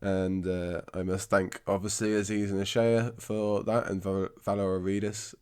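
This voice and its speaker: A man's voice: low voice, level tone, normal speed, a little mellow, smooth. A man hosting a book podcast, congested and with a scratchy throat, chatting in a rambling, self-deprecating way. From England. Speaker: podcast host. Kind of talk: casual podcast chat about books.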